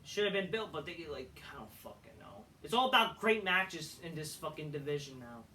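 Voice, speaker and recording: A man's voice: fairly high pitch, animated, normal speed, bright, forceful tone, recorded from a distance, slight background noise. A man reviewing a wrestling show in a blunt, profane rant with frequent restarts, recorded away from the mic. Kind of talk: ranting commentary.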